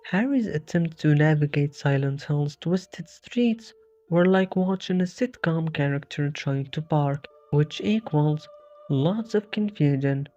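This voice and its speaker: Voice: mid-range voice, darkish tone. Dry jokey comedy narrator. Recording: dull lo-fi with faint music.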